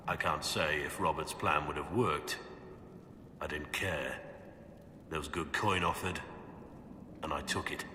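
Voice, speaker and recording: An actor playing a gravelly, guilt-ridden warrior in a video game, speaking gravely and condemning himself. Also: male voice, bright, forceful tone, reverberant, big-room sound, slight background noise. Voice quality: deep gravelly voice. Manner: grave, heavy, self-condemning. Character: gruff guilt-ridden male warrior confessing.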